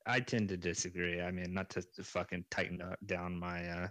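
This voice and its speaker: A man's voice: sits low, flat delivery, moderate pace, a bit bright, no room sound. A man in a casual debate who speaks bluntly and crudely, with a cynical edge. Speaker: panel guest.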